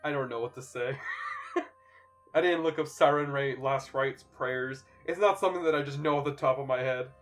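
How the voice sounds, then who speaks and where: A man's voice: mid-range voice, normal speed, soft background music. A man playing a tabletop game, chatting in a joking, casual way. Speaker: player.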